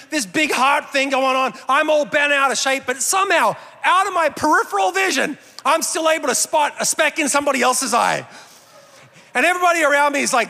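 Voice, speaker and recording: A man's voice: extremely high pitch, sharp tone, big-room sound. A man preaching a sermon as pastor, conversational with a self-deprecating sense of humor.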